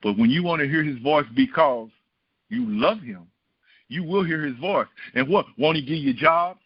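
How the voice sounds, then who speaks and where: A man's voice: on the high side, expressive, moderate pace, slightly rough, no room sound, dull audio. A middle-aged man preaching a storytelling sermon, often putting questions to the congregation. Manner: asks the congregation rhetorical questions.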